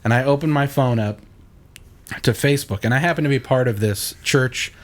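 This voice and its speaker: A young adult man, a church audio engineer, telling stories in a casual interview and acting out quoted lines in a raised voice. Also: moderate pace. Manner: animated, acts out quoted voices with a higher pitch.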